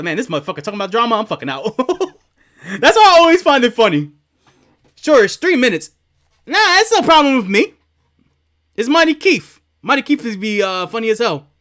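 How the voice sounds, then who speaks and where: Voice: mid-range voice, a bit bright, smooth. A streamer chatting casually, rambling, swearing and laughing often while setting up a video.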